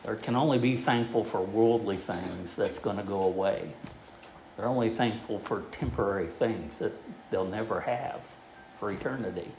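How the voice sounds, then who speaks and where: A man preaching a sermon in a folksy, halting way, with many fillers and restarts as he tells a joke. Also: lowish voice, a little mellow, echoey room, slight background noise, low-quality recording.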